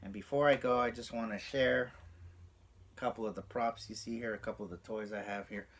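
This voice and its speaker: Man telling a lively childhood story. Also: fairly quick. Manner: animated, acts out quotes with big pitch jumps. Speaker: toy and movie vlogger. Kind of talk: casual storytelling to camera.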